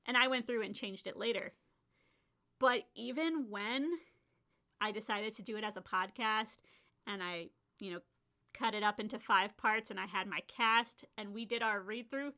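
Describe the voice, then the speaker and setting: A young woman talks through writing advice in a loose, chatty way, breaking into laughter and acting out what she and others said. Her voice is bright and clear, sitting in an ordinary middle range. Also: medium pitch. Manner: chatty, laughs often, acts out her own quotes. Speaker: podcast host and author. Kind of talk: casual solo podcast talk.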